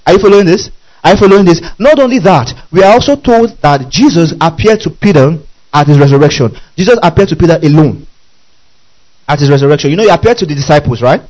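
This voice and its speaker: A man's voice: fairly high pitch, lively intonation, quick pace, a little mellow, rough recording. A man preaching a sermon, often asking the audience questions and laughing between phrases.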